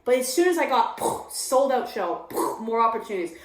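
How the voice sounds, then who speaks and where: A woman stand-up, her voice on the high side and her delivery brisk, talks openly in an interview. She animatedly acts out her inner voice in a confessional way, with echo from the room.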